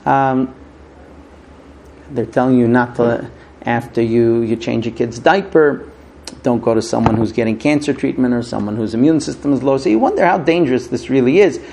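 Gravelly man telling a sermon story. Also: medium pitch, mellow, slight background noise. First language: not English. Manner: halting restarts, storytelling, acts out quoted voices. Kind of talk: informal sermon with stories.

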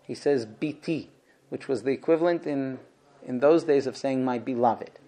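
A man teaching a religious class, telling stories with animated voices for the characters and dropping to hushed whispers. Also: mid-range voice, normal speed. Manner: acts out characters with big swings from shouts to hushed whispers. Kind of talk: animated storytelling lesson.

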